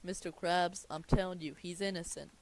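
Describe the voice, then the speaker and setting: A young man reading the lines of an eager, upbeat male sponge fry cook in an earnest, slightly raised voice. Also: sits high, fairly even intonation, moderate pace, low-quality recording.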